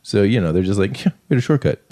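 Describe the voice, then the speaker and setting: A man's voice: lowish voice, animated, rapid-fire, dark tone. A man co-hosting a podcast, reading notes aloud and breaking into jokes and giggles. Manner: giggly, reads script then riffs. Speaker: podcast co-host. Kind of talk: casual chat, reading out notes.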